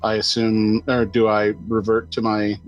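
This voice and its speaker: A man playing a tabletop game, deliberately declaring his character's actions. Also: fairly low pitch, monotone, dull audio, faint music behind. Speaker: player.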